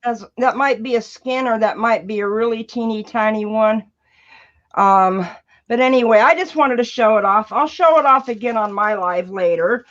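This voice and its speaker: A woman's voice: fairly high pitch, normal speed, a bit bright, lo-fi sound. A woman joining a live art stream as a guest, talking in an upbeat and eager way. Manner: upbeat and eager, greeting viewers. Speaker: guest artist. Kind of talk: casual live-stream chat.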